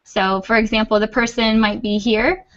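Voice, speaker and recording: A woman's voice: on the high side, steady tone, moderate pace, muffled recording. A woman teaching an English class over a video call, patient and reassuring. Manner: patient, reassuring, laughs often. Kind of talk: online class, friendly explaining.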